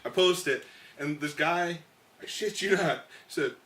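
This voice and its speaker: A man's voice: a little high, bright, forceful tone. Rambling man in an echoey room. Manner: rambling storyteller, swears, halting restarts. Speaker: podcast co-host. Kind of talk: casual chat.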